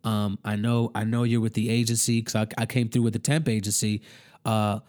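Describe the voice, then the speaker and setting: A man voicing a flustered woman HR manager who talks haltingly, with ums and restarts, in a lower, softer voice. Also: flat delivery, natural voice.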